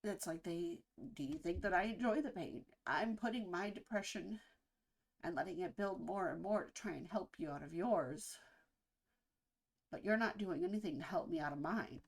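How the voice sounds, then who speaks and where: A woman with a husky, somewhat low voice talks through her reactions in a casual, earnest way. She is reflective and halting, stopping to gather her thoughts before going on. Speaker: reaction video host. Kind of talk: casual spoken reaction commentary.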